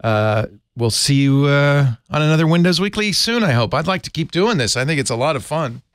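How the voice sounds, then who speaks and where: A man hosts a podcast in an easygoing way. His pitch swings freely from phrase to phrase, and he stretches out his words with fillers. His voice sounds dry and close to the mic. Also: expressive, a little fast, clear, resonant tone, no room sound. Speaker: podcast host. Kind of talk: casual podcast hosting.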